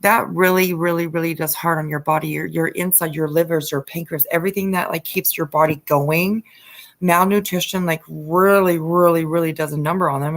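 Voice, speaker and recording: A woman hosting a relaxed late-night livestream chat, reading a news article aloud and stopping to greet viewers by name. She gets worked up and swears freely, and her speech is full of fillers, restarts and trailing asides. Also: fairly low pitch, gravelly. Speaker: livestream host.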